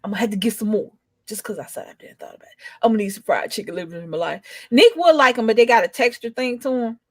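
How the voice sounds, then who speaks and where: A woman's voice: on the high side, quick pace, no echo. A young adult woman rambling in casual chat, drawling and emphatic as a co-host.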